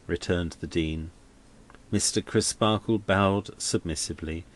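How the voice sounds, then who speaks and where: A man narrating an audiobook in a measured, deliberate way. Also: deep voice.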